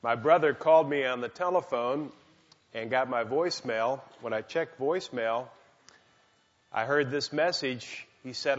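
A man's voice: mid-range voice, normal speed, in a large hall. A man speaking at a men's gathering, giving a devotional talk told through folksy anecdotes, on a dull lo-fi recording.

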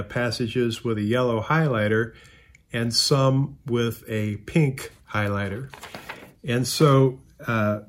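A male pastor delivers a sermon in an earnest, measured voice of middle pitch. He reads scripture passages aloud and talks through them with occasional ums and restarts. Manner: earnest, measured preaching with scripture readings and fillers.

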